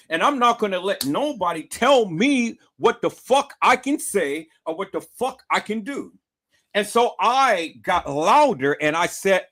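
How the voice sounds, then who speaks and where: A young man vlogging, telling a story casually to his viewers in an animated, emphatic, profanity-laced way, repeating phrases for effect. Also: high-pitched.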